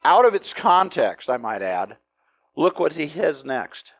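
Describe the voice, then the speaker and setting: A middle-aged pastor from the United States preaching a conversational, emphatic sermon full of rhetorical questions. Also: male voice, fairly high pitch, big pitch swings, measured pace, slightly rough, dry recording.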